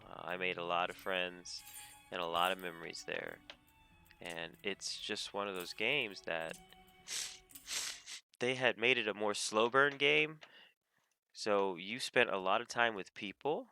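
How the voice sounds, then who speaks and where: A man giving a casual, rambling rant about video games on a desk mic, animated and often laughing. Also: low-pitched, a little slow, vocal fry, pauses often, smooth. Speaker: gamer vlogger. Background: faint game music.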